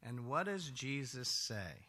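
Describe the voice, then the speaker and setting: Lively, bright-voiced male preacher. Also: mid-range voice, slow, slightly rough. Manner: animated storytelling, acts out voices, laughs often. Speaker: pastor. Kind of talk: sermon.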